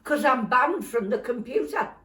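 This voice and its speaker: A woman's voice: fairly high pitch, expressive, normal speed, fairly bright tone, roomy sound, far from the mic, pitched above the performer's own voice. An older woman reading a storybook, voicing a mischievous scheming schoolboy in a sly, gleeful way.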